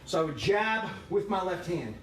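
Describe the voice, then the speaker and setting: A man's voice: high-pitched, sing-song, moderate pace, slight background noise. A man teaching a livestreamed kickboxing class, counting reps and joking with the students. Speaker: kickboxing instructor. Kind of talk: livestreamed workout class instruction. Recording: echoey room with music behind.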